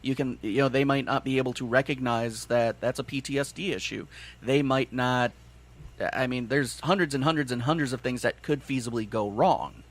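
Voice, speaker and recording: A man's voice: medium pitch, normal speed. A man with a Midwestern accent hosting a casual podcast chat, talking bluntly and explaining at length with plenty of swearing. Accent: Midwestern American.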